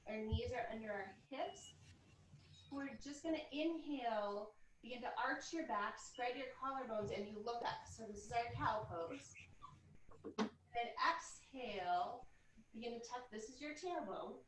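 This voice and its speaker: A woman teaching a live yoga class, calmly cueing each movement and encouraging her students in a chatty way. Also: fairly high pitch, unhurried, slight background noise. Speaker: yoga instructor. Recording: echoey room, voice from a distance.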